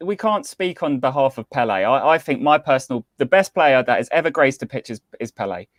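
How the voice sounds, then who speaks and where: A man's voice: medium pitch, lively intonation, brisk. A man joining a casual football podcast, agreeable and chatty. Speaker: podcast co-host.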